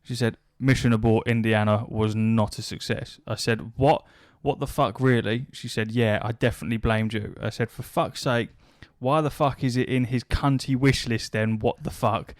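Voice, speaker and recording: Man, podcast host, casual storytelling, foul-mouthed, mid-pitched voice, dry close sound. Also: steady tone, normal speed, few pauses, dry recording. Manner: swears freely, relays a story with quoted back-and-forth dialogue.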